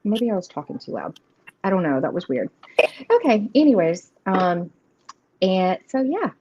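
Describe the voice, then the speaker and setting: A woman card reader talks casually on a live stream, wandering through her sentences with plenty of "you know" fillers. Her voice is a little husky and lively in pitch. The audio is dull and lo-fi, as if coming through a computer mic on a video call. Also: normal speed. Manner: rambling, lots of "you know" fillers, laughs often. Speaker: tarot and oracle card reader.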